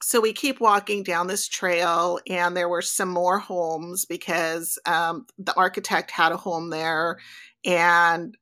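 A woman hosting a podcast who tells a travel anecdote casually, with lots of fillers and lively storytelling. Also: on the low side, takes it slowly. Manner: animated, chatty, filler-heavy.

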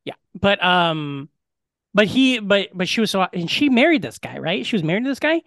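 Animated chatty man with a lively voice. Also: high voice, normal speed, no echo, clean studio sound. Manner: animated, chatty, heavy use of "like". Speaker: podcast co-host. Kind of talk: casual chat.

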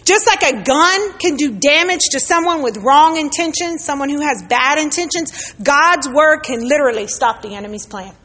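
A woman's voice: high voice, animated, normal speed, few pauses, sharp tone, in a large hall. A woman pastor preaching a sermon to a congregation, telling a personal story and leading call-and-response. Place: church sanctuary with congregation.

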